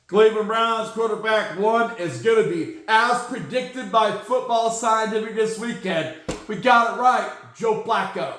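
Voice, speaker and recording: Guy with a high voice riffing sarcastically on football news, echoey room. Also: unhurried, a bit bright. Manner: sarcastic, joking, mocks teams with silly sound effects. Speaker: podcast host. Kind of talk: casual sports news commentary.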